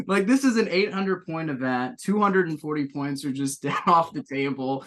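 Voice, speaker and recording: A man's voice: sits high, expressive, moderate pace, few pauses, bright, forceful tone. A man in a casual podcast chat, telling a story against himself and laughing often.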